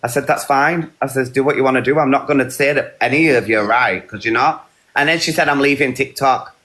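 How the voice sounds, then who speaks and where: A man's voice: mid-range voice, fairly quick, pushed and bright. Blunt man telling a heated story. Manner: blunt, recounting quotes in a rush. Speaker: live stream host.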